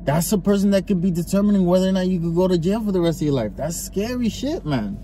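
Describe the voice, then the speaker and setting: A man co-hosting a casual podcast from inside a car, ranting with lots of swearing and animated storytelling. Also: high-pitched, fast talker. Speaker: podcast co-host. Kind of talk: casual chat. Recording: faint car noise behind.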